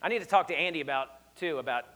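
A pastor preaching a sermon, emphatic and conversational with rhetorical questions, slightly hoarse. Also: male voice, a little high, lively intonation, quick pace, pushed and bright.

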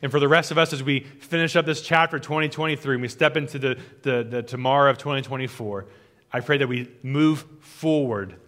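Pastor preaching in a reverberant hall. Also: male voice, mid-range voice, a little fast. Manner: earnest, rhythmic repetition, trailing off softer at phrase ends. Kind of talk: sermon and closing prayer. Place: church sanctuary.

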